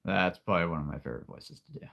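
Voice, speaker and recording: A man's voice: low-pitched, gravelly, fairly bright tone. A man with a sore throat hosting a casual livestream chat in an easygoing way. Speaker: livestream host. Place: home livestream.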